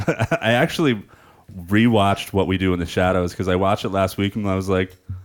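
Podcast co-host, man, deep voice, loose and chatty, laughs a lot. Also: normal speed, clear, resonant tone. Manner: rambling, laughs often. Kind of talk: casual chat.

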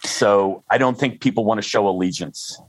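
An older freelancer as an interview guest, rambling and self-deprecating with frequent restarts. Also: male voice, on the low side, normal speed, dry recording, poor audio. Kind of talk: conversational interview.

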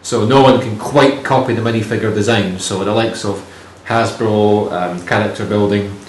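A man's voice: fairly low pitch, fairly even intonation, moderate pace. A man co-hosting a podcast in casual chat, rambling, joking and swearing. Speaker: podcast co-host. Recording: roomy room with faint noise.

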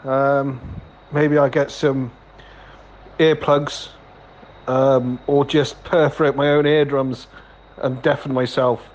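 Slow-talking sweary man. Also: medium pitch, level tone, dull audio, a little hiss or hum. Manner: slow, sweary, mock-outraged. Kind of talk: improvised comic chat.

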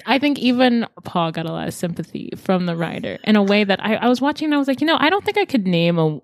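A woman with a slightly low voice talks through her thoughts in an earnest, reflective way. Her speech is casual, with relaxed slang, and the sound is dry and close. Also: creaky, no room sound. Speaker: podcast co-host discussing a TV show. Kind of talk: casual discussion.

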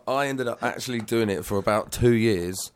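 A man's voice: mid-range voice, moderate pace. Laughing, chatty man telling stories. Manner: chatty anecdotes broken by laughter. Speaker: rapper and guest. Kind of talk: casual radio chat.

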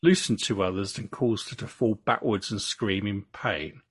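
A man's voice: lowish voice, moderate pace, slightly rough, dry recording. English man telling a true crime story. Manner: reads case notes with relaxed asides.

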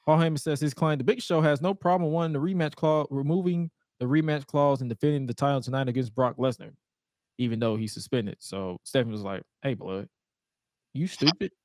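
Animated man recapping wrestling, dry mic. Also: mid-range voice, a little fast, no room sound. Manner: animated storytelling, acts out wrestlers' lines in goofy voices. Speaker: podcast co-host.

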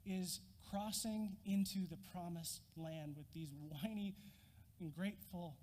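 A man preaching a sermon, an animated storyteller who acts out scenes with a prop. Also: high voice, a little slow, long reverb tail. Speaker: pastor.

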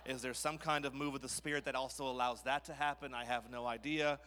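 A man acting out a flustered, stammering Moses, who turns into an excited crowd-rousing speaker. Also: medium pitch, quick pace, in a large hall, pitched below the performer's own voice, natural voice. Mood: worried. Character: anxious, stammering biblical leader Moses, man.

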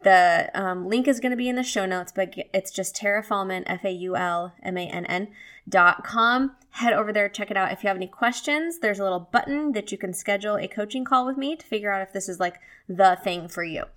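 A woman's voice: mid-range voice, brisk, fairly bright tone. Woman, 30s, solo podcast host and wellness coach. Candid, chatty delivery with frequent laughs. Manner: chatty and candid, laughs often, acts out inner voices.

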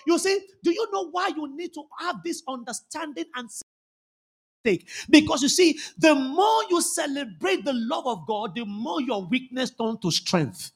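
A man with a Nigerian accent preaching a sermon as pastor, fervent and often shouting, repeating phrases for emphasis. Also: extremely high pitch, expressive, a little slow.

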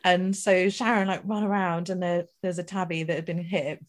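A woman's voice: on the low side, flat delivery, moderate pace. A woman hosting a podcast, telling a rambling anecdote in casual chat with fillers and asides. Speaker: podcast host.

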